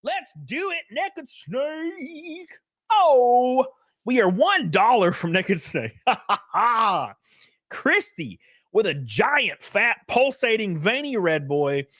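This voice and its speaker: A man's voice: extremely high pitch, drawn-out words, dry recording, clean studio sound. A young man hosting a livestream, commenting casually, swearing freely, laughing often and thanking donors by name. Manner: animated, profane, laughs often. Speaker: livestream host.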